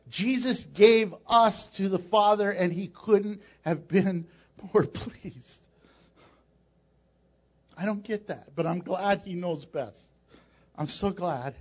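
A male pastor preaching a sermon in a church, animated and joking with laughing asides. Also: high voice, slow, muffled recording.

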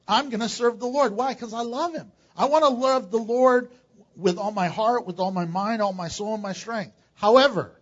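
An older male pastor delivers a lively sermon in a church, cracking jokes and jumping to loud bursts. His voice sits high and husky. The recording is dull and lo-fi. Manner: animated preaching with jokes and sudden loud bursts.

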